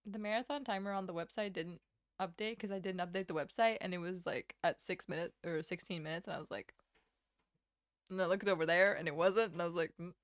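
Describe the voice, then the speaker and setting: A woman's voice: on the low side, fairly even intonation, fairly quick, dry recording. A woman in her twenties chatting casually on a livestream, rambling and self-deprecating, with frequent laughs. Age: 20s. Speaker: streamer.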